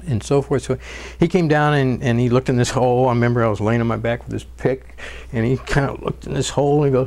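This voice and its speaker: A man's voice: medium pitch, fairly even intonation, quick pace, hardly any pauses, a little mellow. A man telling stories in an interview, earnest, with frequent fillers and restarts. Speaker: documentary narrator and interviewee. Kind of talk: interview and narration.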